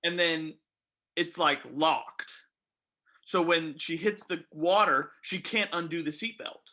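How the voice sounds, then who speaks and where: A man co-hosting a podcast, chatting casually while reviewing a movie and firing off animated questions. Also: a little high. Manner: animated, rapid-fire questions, quotes own reactions. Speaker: podcast co-host.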